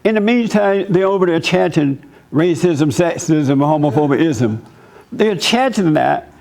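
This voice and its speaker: A man giving a church talk as pastor, telling stories in an animated, preachy way. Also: fairly high pitch, measured pace, creaky.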